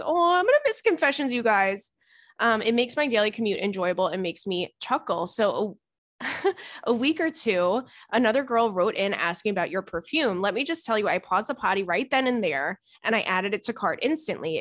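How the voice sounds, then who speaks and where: A young adult woman hosting a podcast, reading listener emails aloud in an animated, chatty way. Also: medium pitch, dry recording, clean studio sound. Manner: animated, chatty, with laughs and gasps. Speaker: podcast host.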